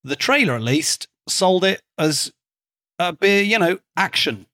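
A man's voice: high voice, unhurried. A man hosting a podcast, chatting casually and jokingly about a film. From not Dutch, living in Amsterdam. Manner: wry, joking, with lively ups and downs. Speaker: podcast host. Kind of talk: casual film review chat.

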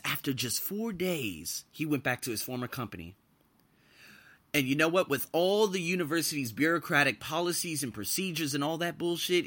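A young man hosts his own podcast, telling personal stories in a loose, animated monologue. His voice sits a little high and very bright, and it leaps up and down as he gets into a story. He swears freely and breaks into laughter at his own anecdotes. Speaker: podcast host.

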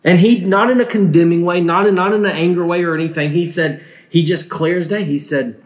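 A man's voice: high-pitched, steady tone. A man preaching a sermon, telling a personal story earnestly, often restarting his words. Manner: earnest, halting with frequent restarts.

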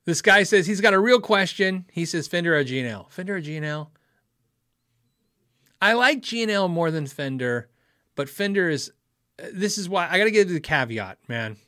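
A man's voice: high-pitched, expressive, normal speed, pushed and bright, no echo, studio quality. A middle-aged man hosting a casual livestream, rambling through a story with self-corrections and chuckles, then answering chat. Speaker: livestream host reading chat.

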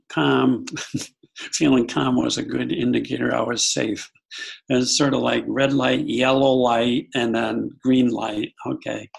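A middle-aged man recounts a personal story to an interviewer, earnest and reflective. His voice is deeply gravelly and husky, and he often stumbles and restarts mid-sentence. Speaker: guest. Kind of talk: conversational storytelling.

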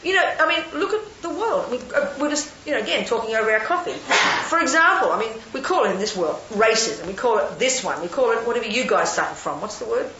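An older woman, a Buddhist nun, giving a lively, chatty talk to a live audience and often asking them questions. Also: a little high, quick pace, hardly any pauses. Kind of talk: casual dharma talk to an audience. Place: hall with an audience. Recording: roomy, lo-fi, faint hiss.

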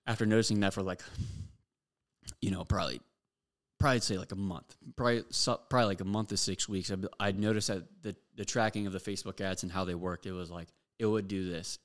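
A young man hosting a podcast, giving a blunt, profane motivational monologue full of fillers. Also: fairly low pitch. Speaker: podcast host.

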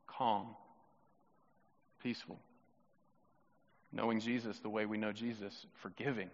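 A man preaching a sermon as pastor in a church, swinging from loud, emphatic questions to soft, hushed reflection and acting out the voices of the people he quotes. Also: on the low side, level tone, unhurried, pauses often. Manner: acts out quoted voices of Jesus, children and himself. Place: church sanctuary. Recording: muffled sound with long hall reverb.

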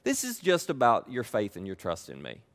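A man preaching who voices a calm male teacher figure gently chiding his followers. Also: medium pitch, moderate pace, pitched below the performer's own voice.

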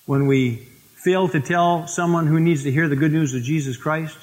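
Pastor preaching in a reverberant hall. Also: male voice, a little high, steady tone. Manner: storytelling, slows for emphasis on scripture. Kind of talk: sermon. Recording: long reverb of a church hall.

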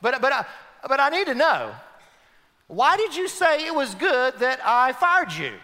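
A man voicing a quick-tempered, indignant king in a sermon story, sounding exasperated and demanding. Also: very high voice, sing-song, bright, forceful tone, pitched above the performer's own voice, heavily acted. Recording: long reverb of a large hall.

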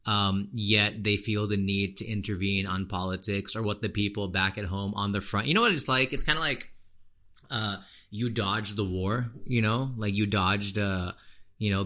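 A young man hosting a podcast, ranting casually in an animated, frustrated way with plenty of fillers. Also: lowish voice, moderate pace. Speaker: podcast host. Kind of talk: casual opinion rant.

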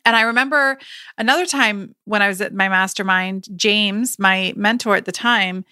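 Sharp and clean in tone, this medium-pitched woman speaks at a normal pace, recorded in a clean studio with no echo. She's in her thirties and running her podcast alone, chatting casually and emphatically while often restarting sentences and tossing in quoted asides.

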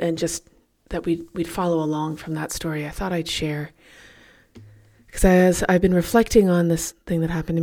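A podcast host with a fairly low voice tells a personal story in a loose, chatty way. She stays animated and laughs at herself as she goes.

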